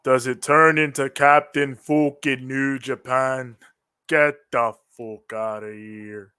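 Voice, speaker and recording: A man's voice: medium pitch, fairly even intonation, takes it slowly, pushed and bright, clear, resonant tone, no echo, studio quality. A man co-hosting a live wrestling reaction stream in casual chat, rambling, swearing freely and laughing often at home. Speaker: co-host of a wrestling reaction show.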